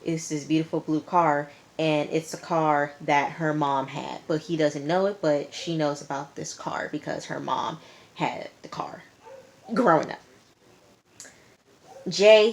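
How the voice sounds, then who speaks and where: A woman's voice: sits low, unhurried. A woman casually recapping a TV episode in a chatty, slangy, emphatic way, with frequent fillers. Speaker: TV show reviewer.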